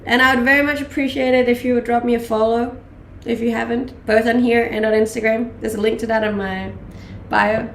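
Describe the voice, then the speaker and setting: A woman's voice: fairly high pitch, flat delivery, a little fast, hardly any pauses, echoey room, a little hiss or hum. A woman in her late twenties from Denmark, with a mixed Danish and English accent, chatting casually on a live stream with many ums and laughs. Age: late 20s. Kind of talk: casual chat reading live chat.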